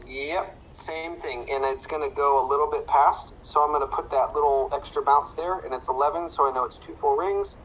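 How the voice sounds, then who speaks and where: A man hosting casual commentary, calmly explaining his shots step by step while he plays. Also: fairly high pitch, normal speed, few pauses, slight background noise, low-quality recording. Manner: relaxed, explaining tips step by step. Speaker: host.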